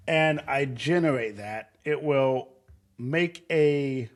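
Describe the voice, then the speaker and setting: Regular-pitched guy doing a chill screen share tutorial, rambly, lots of ums and restarts. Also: slow. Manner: loose and conversational, with frequent fillers and restarts. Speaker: tutorial host.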